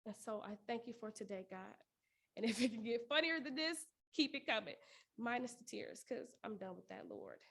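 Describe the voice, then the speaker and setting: A woman with a high, light voice performs a spoken word piece framed as a prayer. She speaks earnestly and pleadingly, and laughter keeps slipping into her lines. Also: very animated, moderate pace, vocal fry, a bit bright. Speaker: poetry performer.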